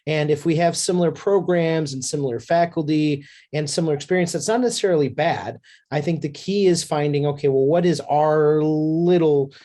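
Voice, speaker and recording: Thoughtful man with a mellow voice. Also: on the high side, moderate pace. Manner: thoughtful, hesitant with fillers. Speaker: panelist. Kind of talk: panel discussion.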